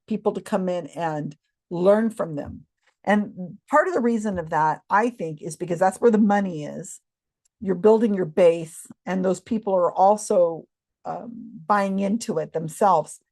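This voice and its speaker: A woman's voice: fairly low pitch, darkish tone. A woman in casual chat, skeptical, sighing and scoffing as she argues a point. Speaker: co-host.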